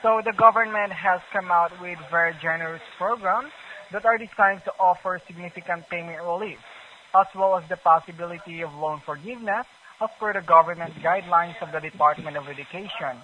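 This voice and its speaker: A man making a telemarketing call, reading a scripted pitch with halting fillers and broken grammar. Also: pushed and bright, slight background noise, poor audio. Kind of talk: scripted sales pitch over the phone.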